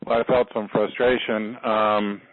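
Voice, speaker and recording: A man's voice: lowish voice, little pitch movement, a little slow, dry recording. A man taking part in a healing demonstration, speaking hesitantly and searching for his words. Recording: dry, tinny phone-like sound.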